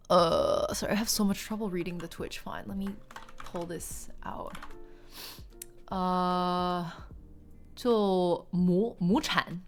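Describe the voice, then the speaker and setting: A woman with a voice on the low side chats casually on a livestream, rambling with plenty of filler words. She reads viewer chat aloud, sometimes in Mandarin.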